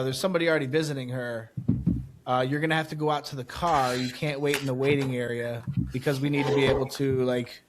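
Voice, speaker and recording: A man hosting a casual podcast, telling a story with lively acted-out dialogue and frequent swearing. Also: medium pitch, a little hiss or hum. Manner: animated storytelling, acts out dialogue, swears freely. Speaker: podcast host.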